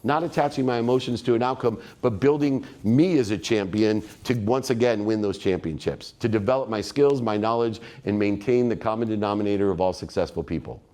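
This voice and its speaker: A man's voice: on the low side, a little fast, few pauses, dark tone. A man giving a motivational keynote speech, telling stories in an emphatic, repetitive way. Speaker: guest keynote speaker.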